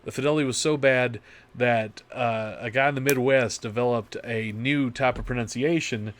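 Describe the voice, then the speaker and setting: A man's voice: mid-range voice, steady tone, moderate pace, slight background noise. A middle-aged man with an East Tennessee accent, co-hosting a casual chat and telling stories. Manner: storytelling, restarts often. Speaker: podcast co-host.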